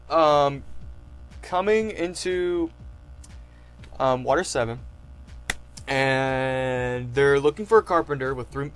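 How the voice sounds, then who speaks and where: A man casually recapping an anime arc as a reviewer, rambling with lots of "like" and "um" and gushing with fan excitement. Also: on the high side. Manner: rambling, heavy on fillers and "like". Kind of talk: casual retrospective chat.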